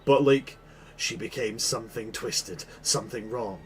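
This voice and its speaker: A man's voice: fairly low pitch, a little slow, soft background music, poor audio. A man running a tabletop game, chatting casually after the session, swearing freely and laughing often. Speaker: game master. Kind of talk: casual post-session chat.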